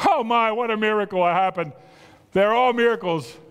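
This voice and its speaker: A man with a South Jersey accent preaching a sermon, animated and exclamatory, full of rhetorical questions. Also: high voice, normal speed, clean tone, big-room sound. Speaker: pastor.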